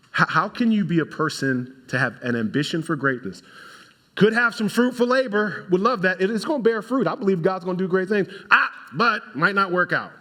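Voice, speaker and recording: A man preaching a sermon with a bright, forceful tone and a fairly high voice. He speaks straight to the congregation, with a lively, animated delivery. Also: normal speed. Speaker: pastor.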